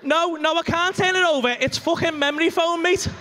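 High-voiced crude comedian. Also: male voice, brisk, a little hiss or hum. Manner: crude, animated, acts out scenes with moans and gasps. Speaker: stand-up comedian. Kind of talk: stand-up comedy set. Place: comedy club stage.

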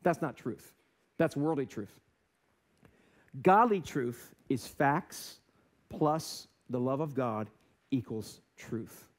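A man's voice: medium pitch, lively intonation, slow pace, pauses often. A male American pastor giving a sermon in a church, telling a self-deprecating story and acting out voices. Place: church sanctuary.

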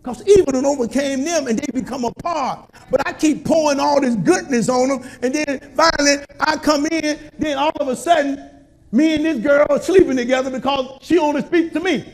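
A male pastor preaching a sermon in a call-and-response style, swinging between quiet asides and shouted lines. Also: extremely high pitch, fairly quick.

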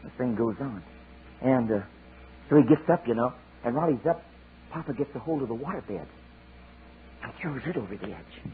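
A man preaching a sermon, telling a story in a folksy, animated way with chatty asides. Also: mid-range voice, normal speed, pauses often, slightly rough. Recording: tinny lo-fi sermon tape with hiss.

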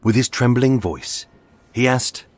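A man narrating a true-crime story in a measured, dramatic scripted style. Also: mid-range voice, darkish tone. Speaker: podcast narrator. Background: faint music.

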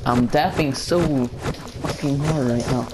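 A man with a Swedish accent giving joking, profane gameplay commentary in English, full of halting restarts. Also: mid-range voice, rough recording. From Sweden. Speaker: gaming video maker. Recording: game music behind the voice.

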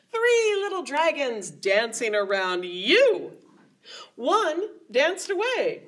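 A woman's voice: sits high, huge pitch swings, extremely slow, a bit bright. A woman children's librarian leading storytime, with sing-song rhymes and coaxing questions to young children. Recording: voice a little distant from the mic.

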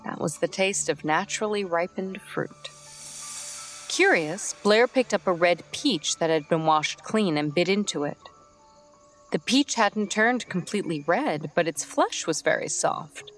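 Low-voiced woman narrating a story. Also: animated, a little slow, a bit bright, soft background music. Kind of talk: scripted narration.

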